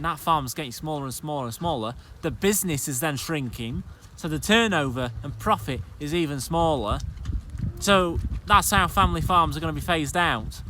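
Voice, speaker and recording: A British farmer talks straight to camera in a casual rant, blunt and exasperated. His voice is bright and forceful and sits a touch high for a man. There is faint noise in the background. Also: low-quality recording. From United Kingdom. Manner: frustrated, blunt, repeats himself. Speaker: farmer vlogger.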